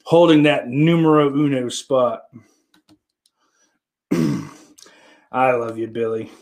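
Young male streamer, casual and foul-mouthed, rambles while teasing his chat; average pitch. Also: expressive, slow, a little mellow. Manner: profane, rambling, teasing viewers. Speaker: livestream host reading chat.

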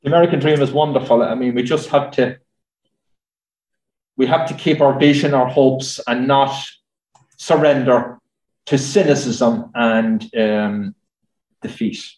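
A man's voice: medium pitch, a little slow, pauses often, a little mellow. A man with an Irish accent, a journalist answering audience questions in a chatty, anecdotal way with many fillers. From Ireland. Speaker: journalist and speaker. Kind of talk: audience Q&A at a talk. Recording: roomy echo.

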